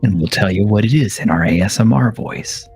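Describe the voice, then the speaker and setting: A man running a tabletop game on a stream as game master, casual and chuckling, with halting fillers. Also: fairly low pitch, a little mellow, slightly rough, soft background music.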